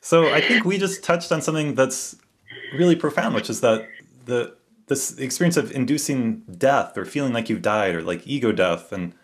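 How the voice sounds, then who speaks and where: Male podcast host, enthusiastic and quick to react, with an ordinary mid-pitched voice. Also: animated. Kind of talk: conversational interview.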